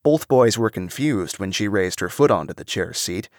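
A man with a low voice reads a story aloud, rising and falling expressively. The recording is close and dry, with no room sound. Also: normal speed, no echo. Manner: expressive, lively reading. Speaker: narrator. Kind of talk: storybook reading.

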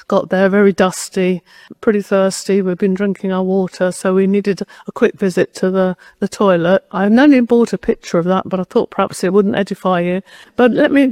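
A woman preaching a sermon at a medium pitch, sharing a personal story as if talking to friends. Her voice is close and dry, with almost no room sound. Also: darkish tone, no room sound. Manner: personal storytelling, conversational and direct.

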